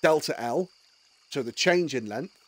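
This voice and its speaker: A man streaming a game, chatting casually and telling animated stories full of swearing. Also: a little high, a little slow. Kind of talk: casual chat.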